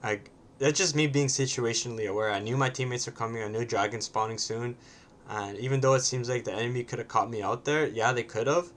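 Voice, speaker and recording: A man's voice: mid-range voice, fast talker, fairly bright tone, slight background noise. A man casually commenting on his own match, often ending points with a questioning "right?" and sometimes swearing bluntly.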